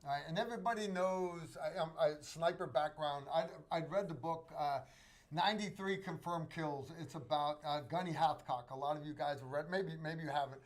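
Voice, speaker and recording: Host, male, American, slightly high voice, halting casual storyteller. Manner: rambling, halting storyteller with many restarts.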